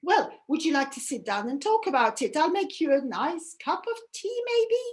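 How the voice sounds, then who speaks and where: A woman's voice: sits high, sing-song, moderate pace, voice pushed up. Woman voicing a polite, timid goddess. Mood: hesitant. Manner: soft, hesitant and polite.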